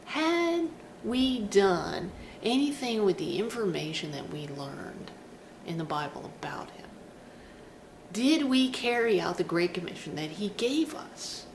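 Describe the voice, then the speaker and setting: A woman with a gravelly, creaky edge to her voice talks through an informal devotional message, rambling into stories with a self-deprecating, conversational humor. Her pitch sits in a middle range, and a steady noise runs underneath the recording. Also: unhurried, few pauses, low-quality recording. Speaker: Christian devotional speaker.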